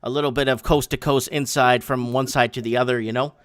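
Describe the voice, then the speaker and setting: A man hosting a podcast, chatting in a quick, matter-of-fact way with frequent restarts. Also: medium pitch, steady tone, clean tone, dry recording, clean studio sound. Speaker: podcast host. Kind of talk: casual chat.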